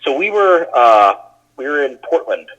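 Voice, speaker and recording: A man tells easygoing stories as a podcast guest, full of fillers and restarts. His pitch sits in an ordinary middle range. The audio is a little muffled and lo-fi. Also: very animated, moderate pace, fairly bright tone. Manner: chatty, with frequent fillers and restarts. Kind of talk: casual conversational storytelling.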